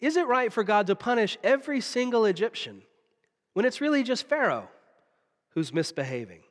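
A man from the preaching a sermon, telling stories with dramatic pauses and drops to a hush. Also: high voice, big pitch swings. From Southern United States. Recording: long reverb of a large hall.

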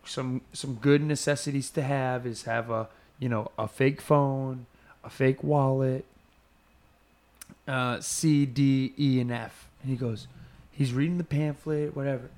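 Speaking a little slowly in a mid-range voice, a man tells a casual story loaded with curse words. He performs the quoted lines with lively, foul-mouthed animation.

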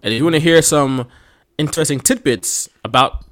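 A man with a Philadelphia accent co-hosting a podcast in casual, animated chat, laughing often and talking slangy. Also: on the high side, fairly quick. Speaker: podcast co-host.

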